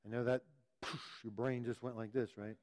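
A man's voice: medium pitch, flat delivery, normal speed, darkish tone. A man preaching a sermon, teaching in an earnest way and often repeating words as he restarts. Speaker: pastor.

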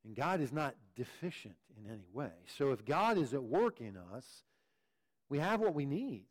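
A man's voice: medium pitch, big pitch swings, normal speed. A man preaching a sermon, teaching in an earnest way and often repeating words as he restarts. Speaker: pastor.

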